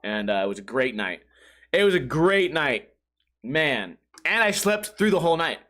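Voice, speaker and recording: A man hosting a comedy podcast, telling casual stories in an animated, rambling way, acting out his own reactions and swearing freely. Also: on the high side, moderate pace. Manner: swears freely, says "dude" and "bro". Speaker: podcast host.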